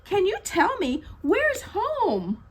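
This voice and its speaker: A woman voicing a lost little penguin chick, asking plaintive questions in a high voice. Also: wildly swooping pitch, slow pace, full character voice.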